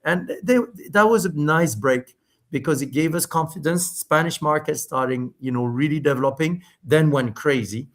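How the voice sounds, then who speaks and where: Animated middle-aged man. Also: on the high side. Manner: animated, quick bursts with many restarts and fillers. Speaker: spirits company founder, podcast guest. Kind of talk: storytelling in a casual interview.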